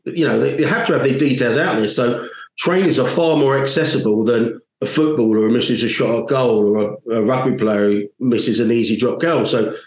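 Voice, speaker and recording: A man's voice: mid-range voice, moderate pace, reverberant, rough recording. A man on a panel, blunt and jokey, giving strong opinions and swearing casually.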